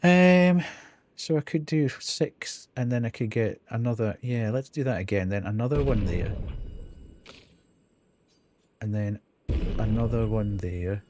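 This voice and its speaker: A man's voice: on the low side, measured pace, pauses often, noisy background. A man streaming a video game live, thinking aloud as he counts and reads out menu options. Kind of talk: casual live gameplay commentary.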